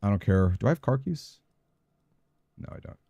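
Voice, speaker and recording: A man's voice: fairly low pitch, lively intonation, moderate pace, gravelly, warm tone, dry recording. Anxious man muttering through a game. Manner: anxious, thinking aloud, muttering to himself. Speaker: gaming streamer. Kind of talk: let's play commentary.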